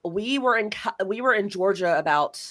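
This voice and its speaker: This is a young female podcast host sharing a personal anecdote in conversation, lively and voicing each bit of dialogue herself. Her pitch is medium and her pace moderate.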